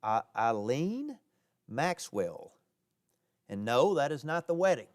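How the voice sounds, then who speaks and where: A man's voice: medium pitch, very animated, slow. Folksy Southern man giving a lecture. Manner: folksy, self-deprecating, chuckling asides. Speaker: park ranger. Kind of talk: public history lecture. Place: lecture room with live audience.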